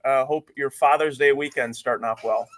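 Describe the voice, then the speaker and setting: A man hosting a live radio talk show from a studio, upbeat and often filling pauses with "uh". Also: medium pitch, steady tone, a bit bright. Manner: upbeat, with frequent filler "uh"s.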